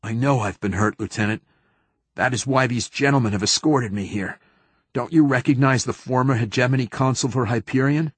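A man's voice: medium pitch, brisk, husky, no room sound, natural voice. A man voicing a wounded young male governor who gives clipped, authoritative orders. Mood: commanding.

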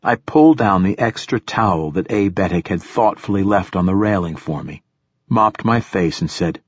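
A man narrating a first-person audiobook in a measured, even way. His voice is low and a little husky. The recording is close and dry, with no room sound. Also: no echo.

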